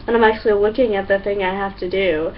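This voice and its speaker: A young woman talking to camera in a casual, excitable, chatty way, full of fillers and acted-out quotes. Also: mid-range voice, quick pace, recorded from a distance. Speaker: vlogger. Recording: dull lo-fi sound, a bit off-mic, faint hum.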